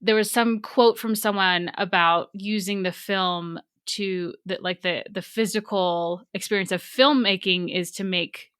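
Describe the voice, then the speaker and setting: A woman's voice: mid-range voice, fairly even intonation, measured pace, few pauses, a bit bright, clear, resonant tone, dry recording, clean studio sound. A woman co-hosting a book club podcast, talking casually and animatedly with many restarts. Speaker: podcast co-host.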